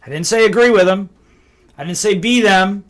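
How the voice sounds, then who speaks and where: Emphatic high-voiced man teaching. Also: moderate pace. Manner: emphatic, repeats key phrases, acts out both sides of dialogues. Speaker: business speaker and trainer. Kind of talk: motivational teaching talk.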